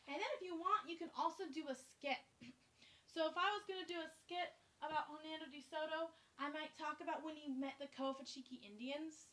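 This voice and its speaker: A young woman teaches a class, talking students through a task in a friendly, chatty way. She explains each step plainly. Her voice is high. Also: brisk, pushed and bright. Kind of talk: classroom instruction.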